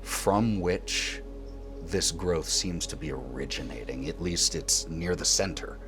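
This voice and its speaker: A man narrating a tabletop horror game as game master, calmly describing scenes and calling for rolls. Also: very deep voice, a little slow, over music.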